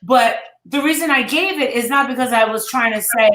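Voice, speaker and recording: Casting: woman host, slightly high voice, rambling gossip chat with swearing, echoey room. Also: fairly quick, noisy background. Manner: rambling, swears freely, retells quotes.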